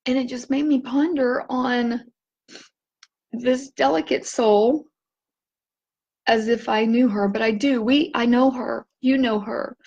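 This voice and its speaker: Woman vlogger, slightly high voice, soft and halting, tearful and choked up as she talks. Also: steady tone, creaky, husky, muffled recording. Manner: gentle, halting, drifts into teary pauses. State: teary, voice breaking. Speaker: vlogger sharing a personal story. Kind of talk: emotional personal storytelling.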